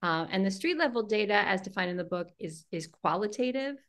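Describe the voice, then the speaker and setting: A woman author speaking as a guest in a conversational interview, thoughtful and animated, laughing easily. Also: medium pitch, brisk.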